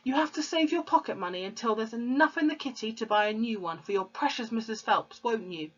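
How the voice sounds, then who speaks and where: A woman's voice: a little high, brisk, voice pushed up, lightly acted. A woman voicing a scornful, bad-tempered father who snaps and sneers. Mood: snapping angrily. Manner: snapping, sneering. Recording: dull lo-fi recording.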